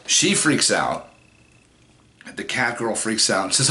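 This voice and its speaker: A man's voice: mid-range voice, sing-song, slow pace, bright, forceful tone. A man in his forties telling a personal story in a casual, rambling way, with plenty of swearing and fillers. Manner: rambling, profane, many fillers. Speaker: vlogger.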